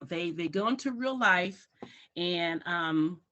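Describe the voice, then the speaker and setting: A woman's voice: on the low side, slow pace, muffled recording. A woman who works in early childhood education, speaking as a guest on a talk show and acting out parents and children in exaggerated voices. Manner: animated, acts out parents and kids in exaggerated voices.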